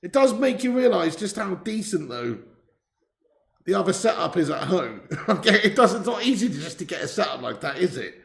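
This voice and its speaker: Brief: male livestream host, gravelly voice sitting a bit high, jokey banter with chat, roomy echo. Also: big pitch swings, a little fast. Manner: jokey, laughing, swearing banter. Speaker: livestream host of a football watch-along. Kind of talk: casual livestream chat reading viewer messages. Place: temporary setup on a trip in Spain.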